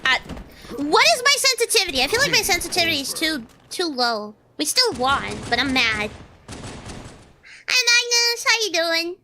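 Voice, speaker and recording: A woman's voice: extremely high pitch, fairly quick, noisy background. A woman streaming a shooter game, chatting casually, swearing and yelping at the action. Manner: excitable, swears and yelps at the game.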